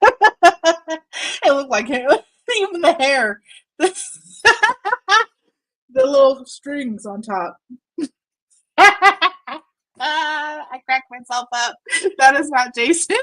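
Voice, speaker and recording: A woman's voice: sits high, a bit bright, low-quality recording. A woman hosting casual commentary over a shared screen, mocking, swearing and laughing often. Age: adult with a young daughter. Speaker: commentary channel host.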